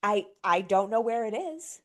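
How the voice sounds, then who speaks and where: A woman, a trauma therapist and podcast host, telling a personal story in casual chat, animated and swearing freely. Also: medium pitch, normal speed. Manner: animated, swears freely, acts out her own reactions.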